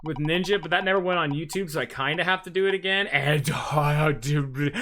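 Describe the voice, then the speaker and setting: A man chatting casually on a live stream, excitable and swearing freely, laughing often. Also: fairly high pitch, a little fast, few pauses. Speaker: livestreamer.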